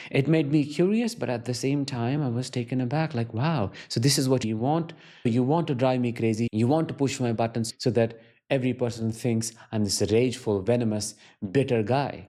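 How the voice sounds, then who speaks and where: A man's voice: medium pitch, mellow. A man hosting his own channel, telling personal stories to camera in an earnest, reflective way with emphatic questions. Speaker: self-help channel host. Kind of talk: personal storytelling monologue to camera.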